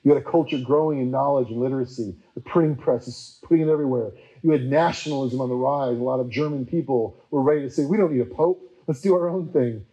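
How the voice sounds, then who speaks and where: A man preacher giving a casual, chatty history talk, full of fillers and quickly acted-out quotes. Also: medium pitch, dark tone, muffled recording.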